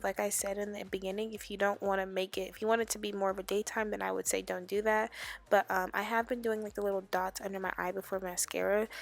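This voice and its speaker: A young woman speaking a chatty makeup tutorial voiceover in a loud whisper, late at night at home, full of "like" fillers. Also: medium pitch. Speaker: beauty vlogger.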